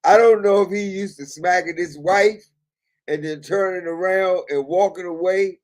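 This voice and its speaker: Slow chatty guy hosting a stream, laughs a lot, kinda high voice, repeats himself. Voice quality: laughs often while talking, repeats phrases. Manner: loose, amused, chatty. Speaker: live stream host. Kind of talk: casual commentary on viral clips.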